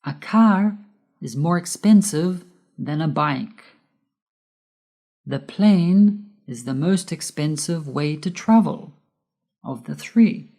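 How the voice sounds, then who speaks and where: A woman giving a scripted English grammar lesson, careful and measured, spelling out letters one by one. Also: low voice, animated, mellow. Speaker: English teacher.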